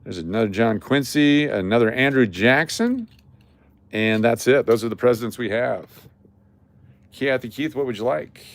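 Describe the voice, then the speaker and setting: A man's voice: medium pitch, normal speed. A man hosting a casual live stream, chatty and repetitive, calling out viewers by name as he hands out prizes. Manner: chatty, repeats names, calls out viewers. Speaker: livestream host running coin giveaways.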